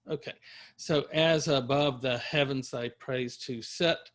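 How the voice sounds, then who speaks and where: A man's voice: medium pitch, steady tone, a little slow. A middle-aged man from Louisiana, a university lecturer, reading verse aloud to a class and explaining it with frequent fillers.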